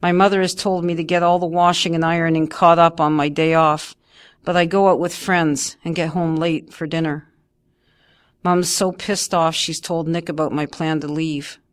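A woman narrating her memoir in first person, in a measured, steady way. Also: sits low.

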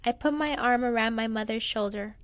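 A woman reading a first-person memoir aloud in a plain, quiet storytelling manner. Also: fairly high pitch, fairly quick, dry recording. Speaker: narrator.

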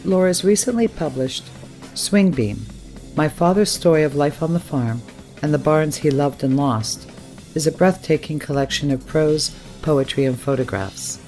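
A man's voice: a little high, moderate pace, a little mellow. Man hosting a reading, faint guitar behind. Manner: formal, admiring introductions. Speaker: host of a reading series. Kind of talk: scripted introductions.

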